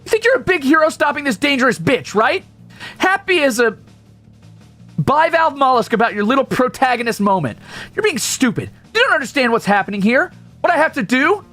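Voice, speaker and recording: A man voicing a bitter, scornful teenage alien troll girl who sneers and shouts. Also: very high voice, very animated, fairly quick, soft background music, pitched above the performer's own voice, heavily acted.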